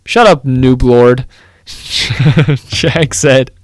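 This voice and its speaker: A man's voice: medium pitch, very slow, no room sound. A young man co-hosting a comedy podcast, reading a badly written fan story aloud, stumbling over its misspellings and breaking into banter.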